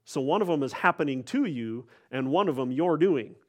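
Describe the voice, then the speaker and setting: A man's voice: fairly high pitch, animated, moderate pace. A man preaching a sermon in an earnest way, often restarting and repeating words as he goes.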